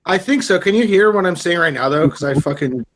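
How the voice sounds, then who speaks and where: A man guesting on a podcast, chatting casually and prank-calling a restaurant in a deadpan, playfully demanding way. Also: high voice, a little fast. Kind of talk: casual chat and prank call.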